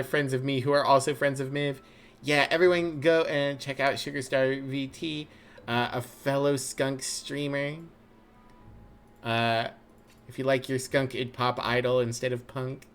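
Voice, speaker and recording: A man streaming a game, joking and chatting casually, swearing now and then. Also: medium pitch.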